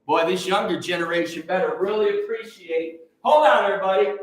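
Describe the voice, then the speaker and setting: A fervent man tells preacherly stories to his livestream viewers. His high voice drops low for asides, then climbs into shouted revival zeal. The sound rings in an echoey room. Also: brisk, hardly any pauses. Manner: swings from quiet asides to shouted revival fervor. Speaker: livestream host. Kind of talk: preacherly storytelling to a live chat.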